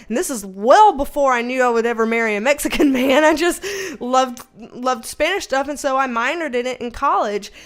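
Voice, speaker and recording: Her voice is high and clean in tone: a livestream host in her thirties with a light accent from the American South. She chats casually and animatedly, telling stories punctuated by swearing and laughter.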